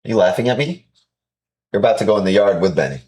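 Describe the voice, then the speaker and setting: A man's voice: on the low side, lively intonation, quick pace, darkish tone. A man hosting a live stream from home, chatting casually, playful and teasing, swearing freely. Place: at home with kids and a dog.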